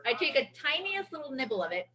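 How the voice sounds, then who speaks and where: A woman who owns a restaurant, telling a lively story in a casual interview and acting out the quotes. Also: high voice, quick pace, poor audio. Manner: animated storyteller, acts out quotes. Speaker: restaurant owner. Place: busy restaurant. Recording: restaurant crowd chatter behind. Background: restaurant crowd.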